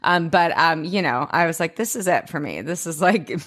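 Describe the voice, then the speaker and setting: A woman's voice: low-pitched, lively intonation, moderate pace, a bit bright. A young woman co-hosting a podcast in casual chat, gushing and swearing freely. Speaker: podcast co-host.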